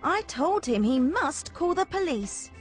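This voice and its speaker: A woman's voice: high voice, very animated, a little slow, loud music behind the voice. An actress playing a cheerful, earnest young woman recounting her day in a sitcom for English learners.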